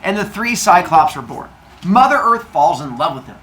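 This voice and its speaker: Animated jokey male storyteller. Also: fairly high pitch, normal speed. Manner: animated, jokey, acts out voices. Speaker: storyteller for kids. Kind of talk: comic myth retelling to a live audience.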